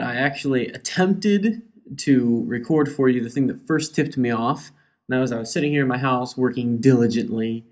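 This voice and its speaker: A man's voice: mid-range voice, a little mellow. Rambling man chatting casually, many ums. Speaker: podcast host. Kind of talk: casual solo chat.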